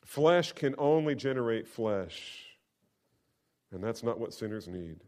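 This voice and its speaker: A middle-aged man preaching a sermon. He repeats key lines for emphasis and swings between loud and hushed. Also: lowish voice. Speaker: pastor.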